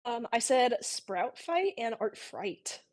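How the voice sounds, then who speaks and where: Higher-voiced cheerful woman contestant. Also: sing-song, slow pace, darkish tone. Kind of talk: casual chat during a stream game.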